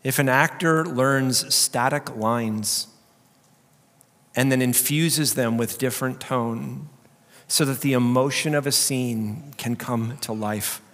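A man pastor giving a sermon, swinging between loud, urgent preaching and quiet emphasis. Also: medium pitch, slow pace. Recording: long hall reverb.

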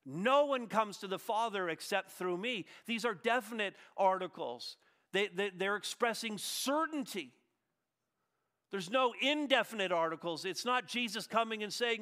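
A man preaching a sermon as a pastor, emphatic and earnest, moving between raised declarations and quieter passages. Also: high voice, very animated, moderate pace. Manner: emphatic preaching, swinging from loud to hushed.

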